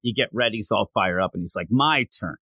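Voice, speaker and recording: A man co-hosting a podcast, chatting casually and excitedly as he reviews a manga chapter and acts out lines from it. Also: fairly low pitch, quick pace, breathy edge, no room sound. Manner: animated, excitable storyteller acting out quotes. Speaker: podcast co-host.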